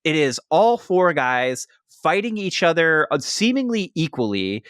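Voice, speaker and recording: A young man hosting a podcast, retelling a story in animated casual chat and saying "like" a lot. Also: fairly high pitch, unhurried, no echo, studio quality. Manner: animated retelling, heavy use of "like". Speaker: podcast host.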